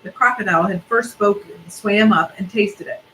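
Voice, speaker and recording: A woman reading a storybook aloud, her narration steady and expressive, with asides about the pictures. Her voice is bright and sharp, with a faint ambient noise behind it. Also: medium pitch, normal speed, poor audio.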